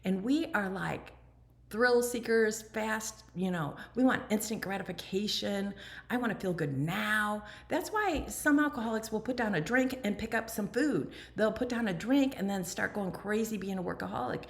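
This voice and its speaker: A woman candidly talking about her recovery in an animated personal monologue, sometimes dropping to a near whisper. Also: mid-range voice, normal speed, creaky. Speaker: recovery speaker and channel host.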